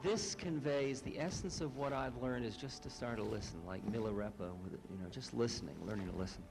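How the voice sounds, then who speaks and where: A man's voice: medium pitch, brisk, vocal fry. A man who is a spiritual teacher and author tells stories and reads aloud to a live group. He makes wry, self-deprecating asides. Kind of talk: storytelling talk and reading aloud.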